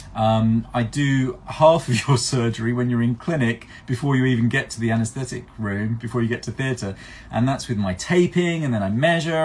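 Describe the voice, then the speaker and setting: A man's voice: mid-range voice, slightly rough. A man working as a plastic surgeon, answering viewer questions in a chatty live-stream Q&A. He explains step by step, thinks aloud with restarts, and pokes fun at himself.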